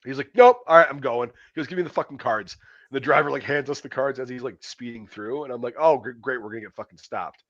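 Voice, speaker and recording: A man's voice: medium pitch, quick pace, fairly bright tone, no echo. A middle-aged man swaps blunt, profanity-laced army stories in a casual chat. The recording is dry and a bit dull and lo-fi. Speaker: podcast host.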